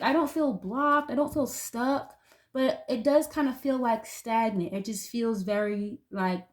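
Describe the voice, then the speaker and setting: A woman's voice: mid-range voice, darkish tone. Chatty woman doing a casual tarot reading. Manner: chatty and loose, heavy use of "like", occasional swearing. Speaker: tarot reader.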